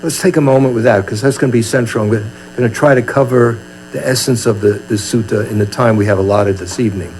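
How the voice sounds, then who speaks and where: Talking fast at medium pitch in a darkish tone, an older man from Brooklyn, USA, gives a humorous, chatty dharma talk as a meditation teacher, playing out little scenes. The audio is poor and has a faint mains hum.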